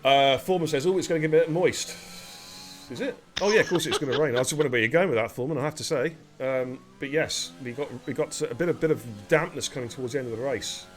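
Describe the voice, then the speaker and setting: A man's voice: medium pitch, quick pace, soft background music. A man giving live sim racing commentary, chatty and bantering with viewers and his co-host. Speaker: race commentator.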